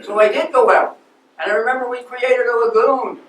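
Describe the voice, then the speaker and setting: Man doing a first-person period monologue: fervent nineteenth-century landscape designer, high voice, echoey hall, distant mic. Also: steady tone, normal speed, a little hiss or hum. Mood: earnest. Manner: emotional, earnest storytelling with sudden outbursts. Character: aging 19th-century male landscape architect, passionate and restless. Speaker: historical reenactor. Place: lecture hall.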